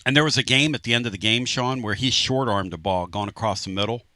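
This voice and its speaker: A man hosting a sports talk radio show, telling animated stories in a brash, lively way. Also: mid-range voice, quick pace, dry recording. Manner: animated storyteller, does mock voices, brash.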